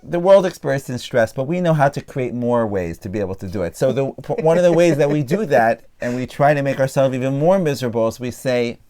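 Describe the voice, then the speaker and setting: A man's voice: medium pitch, expressive, a little fast, hardly any pauses, warm tone. A man, a career coach, thinking aloud in a podcast discussion, reflective and full of fillers.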